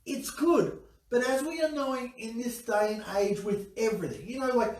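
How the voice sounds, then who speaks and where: Animated male storyteller, roomy and distant. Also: extremely high pitch, normal speed. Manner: storytelling with acted voices and chuckles. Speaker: guest expert. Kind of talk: animated anecdote at a dinner table. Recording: roomy sound from a distant mic.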